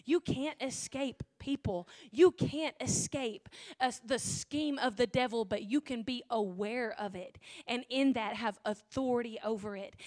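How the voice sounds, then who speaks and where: A woman pastor preaching a sermon, emotional and weepy at times, building up to near-shouting passion. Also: sits high.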